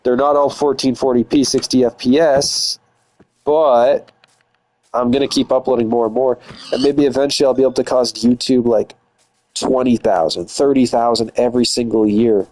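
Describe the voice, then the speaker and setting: A man's voice: medium pitch, steady tone, normal speed, a little mellow, low-quality recording. A male streamer with a mid-range voice talks casually to his viewers. He swears a lot and boasts with crude trash talk.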